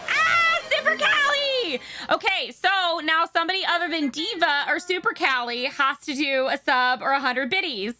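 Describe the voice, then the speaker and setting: A woman's voice: high-pitched, steady tone, normal speed, hardly any pauses, bright, forceful tone, slight background noise. A woman streamer gushing thanks to her chat between bits of roleplay as a police sergeant.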